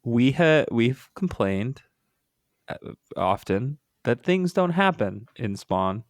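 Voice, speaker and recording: A podcast co-host who is a little sick and congested, chatting casually with frequent restarts. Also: male voice, mid-range voice, takes it slowly, dry recording, clean studio sound. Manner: relaxed, hesitant, frequent restarts. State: congested, sniffly. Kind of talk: casual chat.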